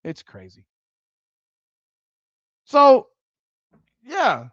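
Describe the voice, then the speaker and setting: This is a sports commentary host in full rant mode, swearing freely and getting worked up. The voice swings widely in pitch. The audio is dull, lo-fi and dry. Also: very slow, dry recording. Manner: profane, heated and animated. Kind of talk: ranting livestream commentary.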